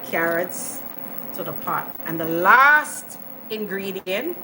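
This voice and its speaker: A woman's voice: on the low side, lively intonation, slow, pushed and bright, poor audio. A woman hosting a live cooking stream, chatting enthusiastically with viewers as she adds ingredients in her home kitchen. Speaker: cooking channel host. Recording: home kitchen noise with sizzling pan. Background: frying and sizzling food.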